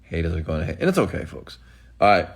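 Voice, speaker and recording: On his live stream, a man with a low voice talks quickly, his pitch swinging widely as he rants. He fires back at chat comments and preaches to his audience, constantly asking "okay?"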